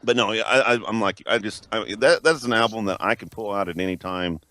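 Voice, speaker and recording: A man's voice: on the low side, brisk, sharp tone, no echo. A man co-hosting a casual rock podcast, rambling with many restarts and self-corrections. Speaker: podcast co-host.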